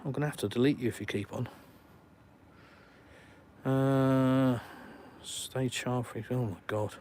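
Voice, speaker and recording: Brief: English man, mid pitch, blunt and outspoken, casual phone live stream outdoors, faint background ambience. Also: fairly even intonation, slow, a little mellow, slight background noise. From England. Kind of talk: casual live-stream chat reading viewer comments. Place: outdoors, walking around while streaming.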